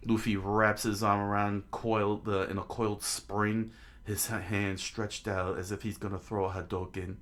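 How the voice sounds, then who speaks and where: A man casually reading a story aloud, halting often to restart lines and getting excited in the action. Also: on the low side. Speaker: reader.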